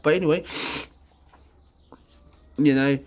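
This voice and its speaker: Pitched on the high side with a steady tone, a New Zealand-accented vlogger from New Zealand shares his recovery story. It's a candid, halting testimony marked by fillers, restarts and casual swearing.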